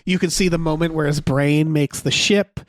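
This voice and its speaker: A man with a high-pitched voice riffs through a casual movie-review chat, swearing freely and slipping into little quoted voices. He sounds wry and offhand. The room around him is dry, with no echo. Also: steady tone, moderate pace. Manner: profane, wry, acts out quoted people. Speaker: podcast co-host.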